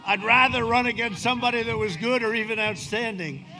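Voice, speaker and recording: A man's voice: very high-pitched, a little fast. A man in his seventies giving a boastful, rambling campaign speech with sarcastic asides at a windy outdoor rally. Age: 70s. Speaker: politician addressing a rally.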